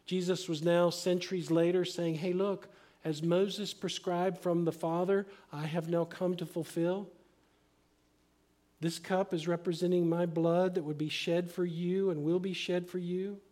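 A middle-aged man preaching a sermon as pastor, earnest and emphatic, often dropping to a hushed, slow delivery. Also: sits high, flat delivery.

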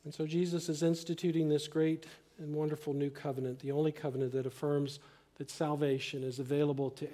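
A middle-aged man preaching a sermon as pastor, earnest and emphatic, often dropping to a hushed, slow delivery. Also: a little high, level tone.

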